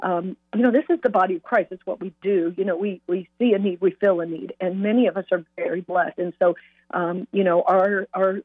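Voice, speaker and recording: A woman who runs a pregnancy help ministry, telling stories on a call-in radio show and acting out the quoted voices with bright energy. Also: lowish voice, fairly quick, no echo. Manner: animated storyteller, voices quoted speech brightly. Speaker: pregnancy center director. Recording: dry tinny phone line.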